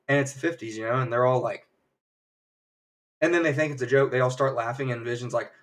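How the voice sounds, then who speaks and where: A man's voice: medium pitch, fast, far from the mic. Rambling man recapping a show. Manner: rambling, full of fillers and acted quotes. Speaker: livestream host. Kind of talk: casual episode recap chat. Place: home livestream setup.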